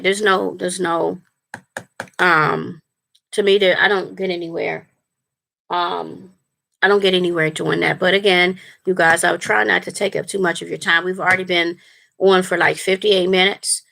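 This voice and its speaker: A woman's voice: lowish voice, gravelly, pushed and bright. A woman, a spiritual life coach, talking casually and earnestly to her longtime viewers on a livestream, rambling with fillers and restarts.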